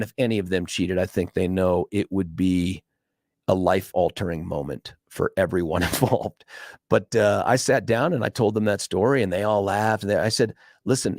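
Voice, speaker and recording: A man's voice: deep voice, moderate pace, dry recording, clean studio sound. A man hosting a talk radio show, telling a story in a monologue and acting out the voices of the people he quotes.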